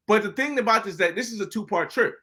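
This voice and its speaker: An American man, a podcast guest, telling travel stories in a casual, animated way, often acting out other people's lines. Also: sits high, fast. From United States. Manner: animated, acts out quoted dialogue. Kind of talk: casual storytelling interview.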